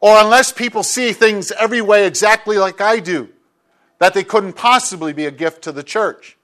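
A man's voice: high voice, normal speed, fairly bright tone. A man preaching a sermon as a pastor, talking conversationally and acting out little bits of dialogue.

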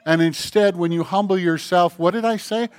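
A middle-aged man preaching a sermon, animated and self-mocking, firing off rhetorical questions. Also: high voice, moderate pace, no room sound. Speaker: pastor.

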